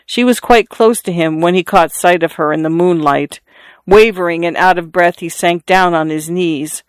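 A narrator reading a literary story aloud in a measured, even storytelling manner. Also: medium pitch, clean tone, no room sound.

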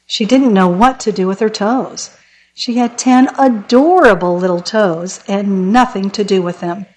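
A woman reading children's stories aloud as a volunteer radio storyteller, in a gentle, deliberate way. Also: mid-range voice, low-quality recording.

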